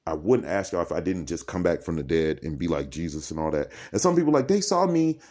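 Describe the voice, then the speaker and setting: A man vlogging alone in a dark room by candlelight, rambling from topic to topic and laughing as he talks. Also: low voice, fast. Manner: animated, laughing, jumps between topics. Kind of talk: rambling stream-of-consciousness monologue.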